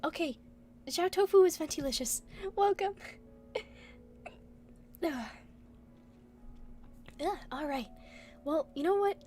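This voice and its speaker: A young woman with a very high voice chats casually with her stream audience. She giggles constantly and keeps hiccuping between sentences. Soft music plays faintly behind her. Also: animated, takes it slowly, pauses often. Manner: giggly, laughs often. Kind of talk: casual chat.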